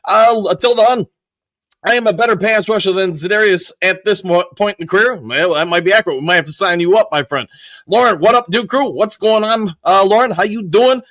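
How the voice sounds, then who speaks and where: Male live-stream host, upbeat chat reader, high bright voice, dry close sound. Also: brisk, dry recording. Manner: upbeat, greets viewers by name. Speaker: show host. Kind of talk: live-stream chat reading and sports talk.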